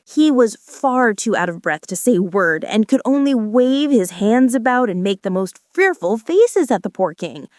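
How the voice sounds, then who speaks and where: A woman reading a children's book aloud as a gentle bedtime story, voicing the characters. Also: sing-song, moderate pace, hardly any pauses, no echo, clean studio sound. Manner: gentle, acts out voices with wide pitch swings. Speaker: narrator.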